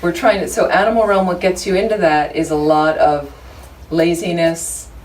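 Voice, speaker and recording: A woman's voice: fairly low pitch, fairly even intonation, moderate pace. A woman teaching a Buddhist study group in a chatty, humorous, conversational way, with many asides to her listeners. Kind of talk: informal dharma teaching. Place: room with a small group of listeners. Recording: distant room recording, faint background noise.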